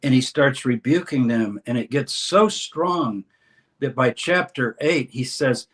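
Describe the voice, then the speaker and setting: A man speaking as a guest scholar in an interview, explaining a text with lively emphasis and reading passages aloud. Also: mid-range voice, a little slow. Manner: animated, reads scripture aloud with dramatic emphasis. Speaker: scholar and course teacher, guest.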